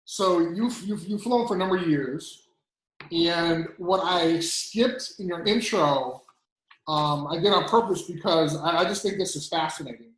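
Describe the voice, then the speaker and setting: A man's voice: on the high side, unhurried, a bit bright, echoey room, low-quality recording. A man hosting a podcast interview, asking curious questions in a casual way. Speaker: podcast host.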